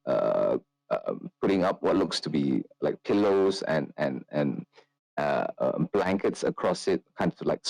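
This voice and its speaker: A man's voice: deep voice, creaky, a little mellow, dry recording, rough recording. A man narrating as game master in a tabletop game, rambling with many fillers and restarts.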